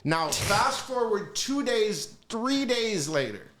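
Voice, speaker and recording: Man, podcast guest, fairly high voice, casual storytelling, swears a lot, acts out quotes. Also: sing-song, slow, a bit bright, slight background noise.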